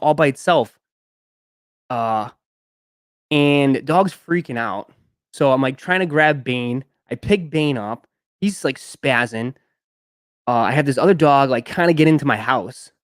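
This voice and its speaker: A man's voice: on the high side, dry recording, studio quality. A young man hosting a live stream, chatting casually and telling a long rambling story with lots of fillers. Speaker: sneaker live stream host.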